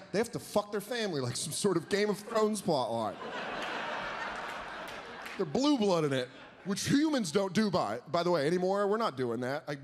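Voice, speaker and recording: Animated, profane male stand-up comic. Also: fairly high pitch. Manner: animated, profane, jumps into exaggerated quoted voices. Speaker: stand-up comedian. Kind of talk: stand-up routine. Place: stage before a live audience. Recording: live show with audience noise.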